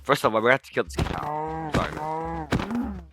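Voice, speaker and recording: A man's voice: a little high, fast, very noisy. A man rambling and swearing casually as he comments over his own gameplay, often breaking off mid-sentence. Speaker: gaming commentator. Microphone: desktop mic while recording screen.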